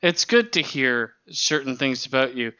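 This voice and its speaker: A man's voice: mid-range voice, moderate pace, pushed and bright, clear, resonant tone, no echo, dull audio, natural voice. A man quoting an earnest male robot leader from a cartoon in a preachy, mocking tone.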